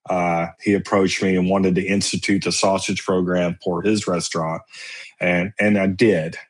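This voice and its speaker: Man telling rambling stories, lowish voice. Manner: rambling storyteller, lots of fillers. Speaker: guest, sausage maker and teacher. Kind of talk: casual podcast interview.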